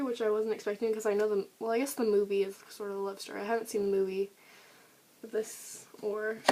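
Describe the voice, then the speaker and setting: A woman's voice: fairly high pitch, a little mellow, a little hiss or hum, poor audio. A teenage girl chatting eagerly about her favorite books, with lots of fillers, recorded on a camera mic. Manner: gushing, chatty, many fillers. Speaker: book vlogger. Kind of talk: casual book review vlog.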